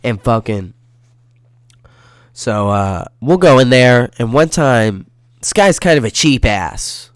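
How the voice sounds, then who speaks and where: A young man with a stuffy nose ranting alone in his bedroom for a solo podcast, swearing and flaring into loud outbursts. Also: medium pitch, lively intonation, slow pace, pauses often, clean tone, no room sound, clean studio sound. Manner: profane, heated ranting with sudden loud outbursts. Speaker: podcast host.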